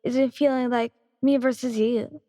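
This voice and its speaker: A woman voicing a sad young girlfriend breaking up, in a breathy, tearful ASMR storytelling voice. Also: fairly high pitch, fairly even intonation, moderate pace, no room sound, studio quality, big-room sound, pitched above the performer's own voice, natural voice. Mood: resolute. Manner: tearful, hesitant and quiet. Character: sad, tired young girlfriend ending things.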